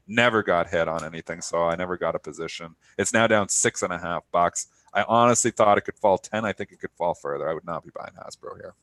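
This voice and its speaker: Man, low voice, animated, dry close sound, casual trading talk. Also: quick pace, few pauses, no room sound. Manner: animated, laughing, goes high when excited. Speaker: co-host and trader. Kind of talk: casual market talk show chat.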